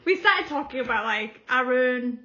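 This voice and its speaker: A woman's voice: high-pitched, animated, normal speed, pushed and bright, highs cut off. A young woman co-hosting a podcast, telling stories in casual chat and acting out quotes with frequent laughter. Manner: chatty storytelling, acts out quotes, laughs often. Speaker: podcast co-host.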